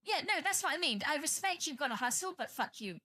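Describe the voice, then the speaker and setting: A woman's voice: sits high, very animated, fast talker, pushed and bright, dry recording. A young British woman streaming live, chatting to viewers in a blunt, profane, rambling way and sounding tired. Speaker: livestreamer.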